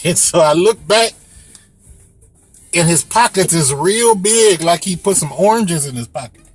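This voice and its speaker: A young man, a rideshare driver, telling a story to camera in a casual, animated way and mimicking squeaky sounds. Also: unhurried, faint music behind.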